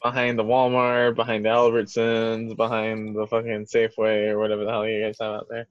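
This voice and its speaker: A man's voice: on the low side, monotone, brisk, dry recording, lo-fi sound. A man co-hosting a wrestling podcast, rambling through casual chat with lots of fillers and restarts. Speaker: podcast co-host.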